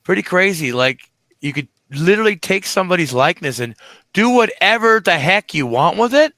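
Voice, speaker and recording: A man's voice: high-pitched, animated, fairly quick, pushed and bright, no echo. A man co-hosting a live stream in easygoing casual chat. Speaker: co-host.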